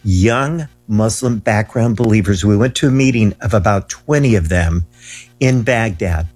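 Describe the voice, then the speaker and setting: Man, interview guest, earnest emphatic storyteller, low husky voice. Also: darkish tone. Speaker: guest recounting ministry travels.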